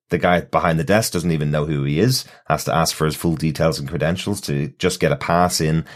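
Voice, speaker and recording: A man hosting a casual podcast discussion, his voice extremely deep. He keeps things relaxed and steers the talk, often murmuring agreement while others speak. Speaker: podcast host.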